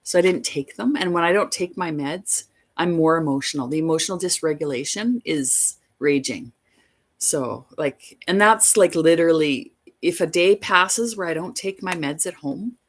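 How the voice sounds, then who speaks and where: A woman's voice: deep voice, moderate pace. A woman hosting a livestream, telling a long story in a rambling, emphatic way. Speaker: livestream host.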